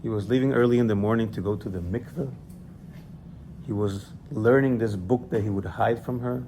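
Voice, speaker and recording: A man's voice: lowish voice, fairly even intonation, normal speed, warm tone, slight background noise. A man teaching a class conversationally, explaining and telling a story, checking in with listeners. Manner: conversational, asks class for agreement. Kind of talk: lecture with storytelling.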